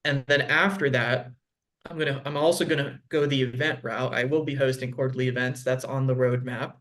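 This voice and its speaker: A man's voice: medium pitch, steady tone, fairly quick, fairly bright tone. A man speaking over a video call as a guest consultant. He talks loosely and conversationally, with plenty of "like" and "um" as he explains things. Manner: conversational, frequent "like" and "um". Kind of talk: casual video call chat.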